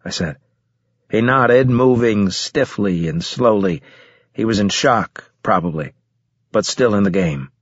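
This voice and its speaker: A man reading a first-person story aloud in a steady, measured way with grim weight. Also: fairly low pitch, breathy edge, no room sound, lo-fi sound. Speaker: audiobook narrator. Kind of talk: first-person scripted narration.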